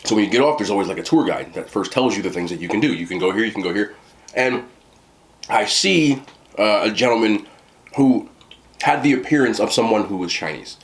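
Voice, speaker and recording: A man's voice: lowish voice, expressive, a little fast. An American man in casual storytelling to the camera, talking in a rambling way with many fillers and restarts. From United States. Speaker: food vlogger.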